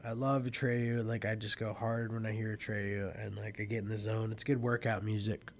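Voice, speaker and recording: A man's voice: fairly low pitch, little pitch movement, moderate pace. A young man hosting a live internet radio show, tired and yawning as he rambles casually through band lists and news. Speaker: host.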